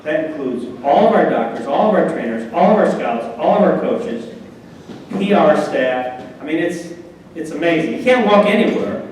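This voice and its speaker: A man's voice: fairly high pitch, normal speed. Storytelling man in an echoey hall. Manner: animated anecdotes, acts out quoted voices. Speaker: guest speaker. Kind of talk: after-dinner storytelling. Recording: echoey hall, distant mic, faint noise.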